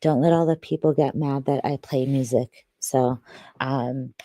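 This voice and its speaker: A woman's voice: a bass voice, steady tone, a little slow, warm tone, no room sound. A sleepy woman, hosting a livestream and chatting casually with viewers, rambling and joking. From Detroit, Michigan, USA. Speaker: livestream host.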